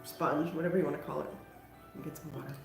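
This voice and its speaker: Hosting a live crafting stream, a woman paints while chatting casually with viewers and poking fun at herself. Her low, creaky voice stays steady at a quick pace, in a reverberant space with soft music in the background.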